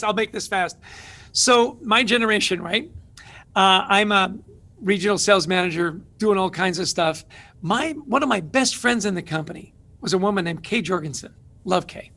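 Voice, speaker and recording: A man's voice: high-pitched, bright, forceful tone. A middle-aged man, an author and guest, telling stories energetically in an interview with emphatic rhetorical questions.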